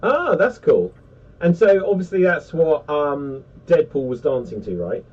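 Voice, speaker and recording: A man chatting casually on a pop-culture panel, rambling and animated with lots of fillers. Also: a little high, a little slow. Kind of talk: casual chat. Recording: distant dull lo-fi mic.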